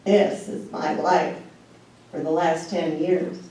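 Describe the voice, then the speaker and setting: A woman in her sixties giving a humorous storytelling speech in an animated way, with drawn-out pauses and laughing asides. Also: low voice. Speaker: speech contest speaker. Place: meeting hall. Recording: echoey hall from far off.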